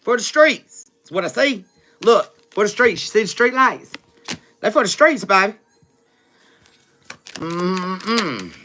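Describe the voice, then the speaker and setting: In a mid-range voice with a bright, forceful tone, a woman gives a live-stream tarot reading. She's chatty and familiar with viewers, calling them "baby" and "boo", tagging lines with "okay?" and often laughing between remarks.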